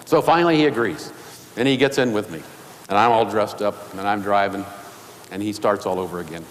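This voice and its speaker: Guy giving a funny story-filled talk, lowish voice, long hall echo. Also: fairly quick. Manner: humorous, anecdotal. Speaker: keynote speaker. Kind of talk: storytelling speech. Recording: echoey hall with faint noise.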